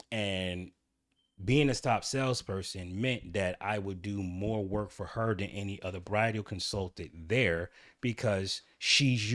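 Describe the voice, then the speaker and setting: A man's voice: on the low side, no room sound, studio quality. A man hosting his own channel, candidly telling a personal story in a rambling way with frequent restarts. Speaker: channel host.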